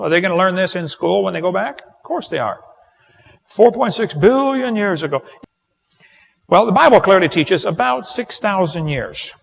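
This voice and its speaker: A man's voice: on the high side, vocal fry, a bit bright. A man giving a folksy, joking lecture to a live audience, full of rhetorical questions. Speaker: creationist seminar speaker. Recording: long hall reverb.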